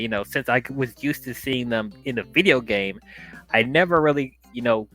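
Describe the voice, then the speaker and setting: A man giving a casual, chatty movie review, animated and loose, with plenty of fillers. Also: medium pitch.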